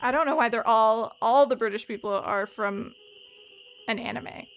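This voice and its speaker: A woman's voice: fairly high pitch, normal speed, faint music behind. A woman streaming a mystery game, chatting casually and rambling in asides to her viewers. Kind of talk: casual let's-play chat.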